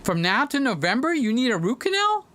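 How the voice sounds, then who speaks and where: A man's voice: sits high, animated, fairly quick, a bit bright. A man hosting a casual livestream, chatting with viewers by name and now and then singing to them. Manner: chatty, talks to viewers by name, breaks into sung lines. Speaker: livestream host. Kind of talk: casual livestream chat reading viewer comments. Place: home studio room.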